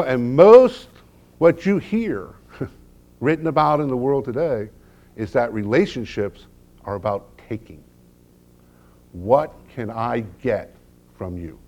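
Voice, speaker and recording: A middle-aged male pastor preaching a sermon with humorous stories, dropping to hushed low lines and rising to loud emphatic peaks. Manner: humorous storytelling.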